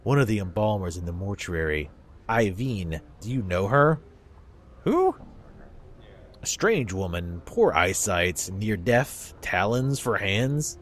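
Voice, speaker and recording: A man voicing a grim male wanderer who asks short, quiet questions in a lowered voice. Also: animated, a little slow, slight background noise. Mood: terse.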